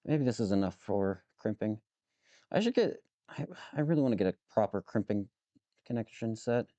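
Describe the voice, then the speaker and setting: A man's voice: fairly low pitch, animated, moderate pace, warm tone, no room sound. A man live streaming as he works with his hands, muttering to himself, swearing freely and joking with his chat. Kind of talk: casual live-stream chat while working.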